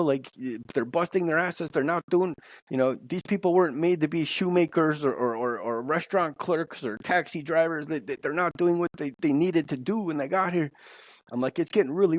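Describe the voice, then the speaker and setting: A man's voice: a little high, normal speed, no room sound. A man telling a personal story as a podcast guest, rambling and repeating words as he goes. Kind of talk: casual storytelling. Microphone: podcast mic.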